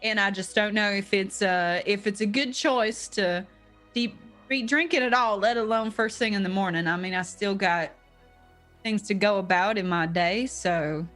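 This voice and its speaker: A woman's voice: mid-range voice, normal speed, a bit bright, faint music behind, natural voice. A woman voicing a wary, nervous village man who hesitates and fumbles his words. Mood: uneasy.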